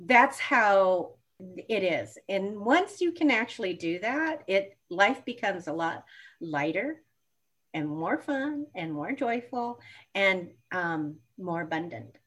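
A woman's voice: fairly low pitch, expressive, slow pace, a bit bright. A woman who reads astrology charts, answering audience questions in a live talk and acting out her own reactions. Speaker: astrology reader, co-host.

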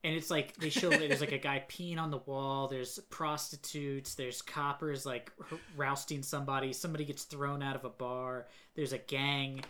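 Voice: medium pitch, flat delivery, moderate pace, few pauses, sharp tone. A podcast co-host in casual chat, exasperated about a film and laughing as they talk. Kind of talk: casual movie review chat.

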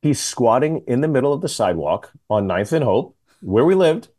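A middle-aged man spinning comic stories on a talk radio show. His voice sits at an ordinary pitch but has a mellow, dark tone, and he jumps into quoted voices with animated energy. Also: normal speed. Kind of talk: casual storytelling chat.

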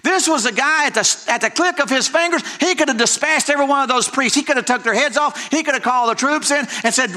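A man's voice: extremely high pitch, brisk, few pauses, sharp tone. A middle-aged male pastor preaching a sermon, emphatic and folksy, repeating phrases and breaking into conversational asides.

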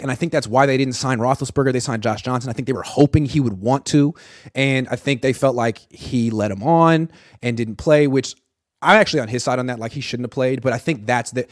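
A man's voice: mid-range voice, dry recording, clean studio sound. A man hosting a sports talk show, arguing his points emphatically in casual chat. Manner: emphatic, rapid interjections of agreement. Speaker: podcast host.

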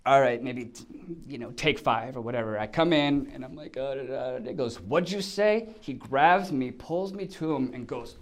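A male actor telling an animated story in a casual chat, acting out quotes and sound effects. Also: mid-range voice. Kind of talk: casual anecdote.

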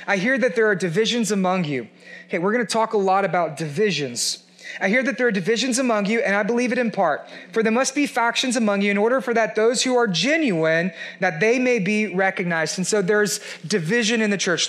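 Guy pastor w a high voice, chatty sermon, jokey and sarcastic, lots of "right?". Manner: animated, conversational, playfully sarcastic.

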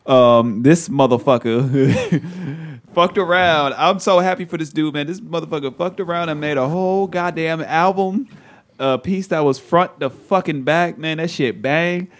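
A young man hosting a podcast in casual chat, loud and profane, laughing often. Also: on the high side, a little slow. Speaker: podcast host.

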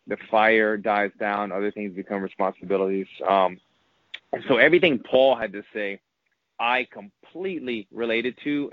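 A man's voice: lowish voice, no echo. Guy rambling through a story in an interview, stumbles over words, dull dry audio. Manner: rambling, repeats words when moved. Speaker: retired fighter and analyst. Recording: muffled lo-fi audio.

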